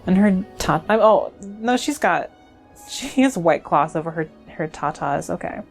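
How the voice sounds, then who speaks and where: A young woman talks through a video game in a loose, rambling way, piling up fillers as she thinks aloud. Her voice sits a little low. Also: expressive, unhurried, vocal fry, soft background music. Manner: rambling, filler-heavy, chatty. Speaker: let's play host. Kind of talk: casual let's play commentary.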